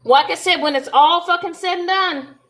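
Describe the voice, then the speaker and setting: A woman's voice: very high-pitched, normal speed, a bit bright, a little hiss or hum. A woman hosting a live stream, ranting bluntly and profanely and confronting her critics directly. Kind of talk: heated live stream rant.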